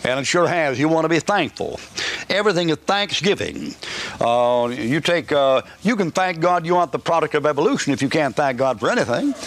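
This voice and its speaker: A man's voice: on the high side, lively intonation, fairly quick, a bit bright. A man preaching a live sermon at a church service, folksy and joking, rambling with restarts. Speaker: pastor.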